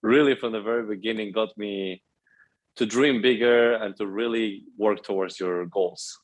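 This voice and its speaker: A man's voice: fairly low pitch, moderate pace, rough recording. A man in his twenties from Spain with a Spanish accent, speaking as a guest in a casual interview, upbeat and eager, often saying "you know". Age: 20s.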